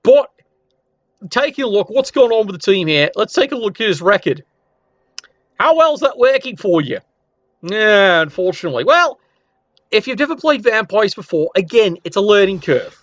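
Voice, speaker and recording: A man talks through a league review in a casual, wry way, tossing in asides and the odd swear. His voice sits high and swings widely in pitch. The sound is dry and slightly muffled, like a desk mic on a home recording. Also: big pitch swings, normal speed, long pauses, no echo. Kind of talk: casual commentary over screen.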